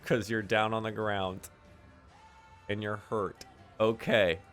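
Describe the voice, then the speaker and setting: A man's voice: lowish voice, slow pace, soft background music. A man narrating a tabletop game as game master, playful and full of fillers. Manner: lively and playful, with many fillers.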